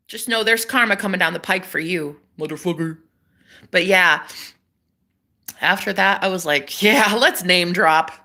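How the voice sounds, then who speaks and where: A woman chatting on a casual livestream as a psychic reader, animated, swearing freely and laughing often. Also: lowish voice.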